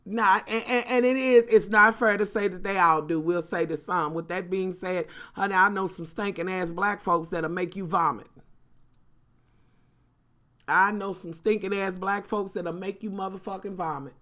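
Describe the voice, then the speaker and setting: A woman's voice: mid-range voice, fairly even intonation, normal speed, fairly bright tone. A woman vlogger telling a story casually and talking straight to her viewers, cursing freely and with lots of animation.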